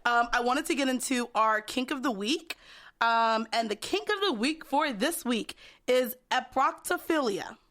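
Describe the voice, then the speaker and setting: High-pitched woman cohosting a podcast, giggly and blunt, casual studio chat. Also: unhurried, a bit bright. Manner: giggly, frank, laughs often while telling stories. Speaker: podcast co-host.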